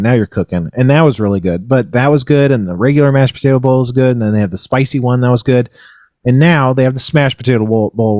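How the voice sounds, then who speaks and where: A man's voice: medium pitch, a little mellow, dry recording. A man hosting a comedy podcast, rambling and goofy, breaking into shocked yelps, on a close microphone. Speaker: podcast host.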